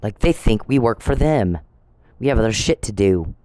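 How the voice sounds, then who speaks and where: A man's voice: lowish voice, lively intonation, moderate pace, mellow, dry recording, rough recording. A man delivering an angry, confrontational monologue at someone he says is harassing him, repeating himself and swearing.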